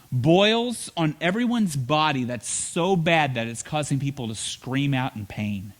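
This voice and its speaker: A man preaching a sermon as pastor, telling the story with playful asides and quick acted lines. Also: on the high side.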